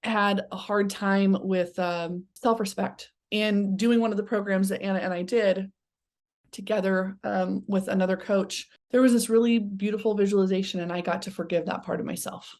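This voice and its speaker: A woman co-host talks through a casual podcast chat. She sounds earnest and halting, and she stumbles over and repeats words as she goes. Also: medium pitch, steady tone, darkish tone. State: tearful.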